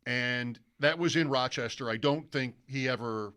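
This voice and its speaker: In a mid-range, smooth voice at a moderate pace, a male sports radio host spins a long story during relaxed studio banter. He's animated, mimicking the calls of broadcasters.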